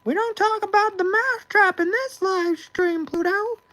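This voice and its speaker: A young male streamer voicing a distraught, squeaky male cartoon mouse who rants melodramatically and sounds close to tears. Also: moderate pace, bright, forceful tone, poor audio. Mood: anguished. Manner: wailing, melodramatic, near tears. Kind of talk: livestream rant in character.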